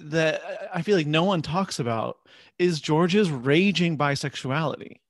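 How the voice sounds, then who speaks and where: A man teases his co-host with mock-serious, over-the-top praise in casual podcast banter. His voice is a little higher than most men's. The close mic sounds dry, with no room around it. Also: a little slow, dry recording. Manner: teasing, mock-earnest, exaggerated praise. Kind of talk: casual chat.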